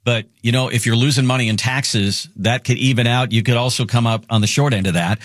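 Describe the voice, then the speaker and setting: A man's voice: medium pitch, steady tone, a little fast, dry recording, clean studio sound. A man hosting a financial radio talk show, upbeat and salesy, repeating his key phrases.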